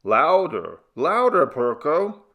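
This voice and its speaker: A jovial village householder, voiced by a male reader, teasing and welcoming in a slightly raised, bright voice. There is a gravelly grain beneath his lively delivery. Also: fairly high pitch, slow pace, pitched above the performer's own voice, heavily acted. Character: cheerful head of a village household.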